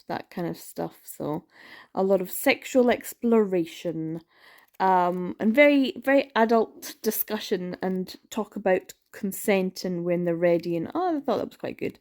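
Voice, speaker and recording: A woman's voice: fairly low pitch, animated, a little slow, darkish tone. A woman chatting casually in a reading vlog, rambling with many ums and laughs, sounding tired. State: tired, yawning. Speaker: book vlogger.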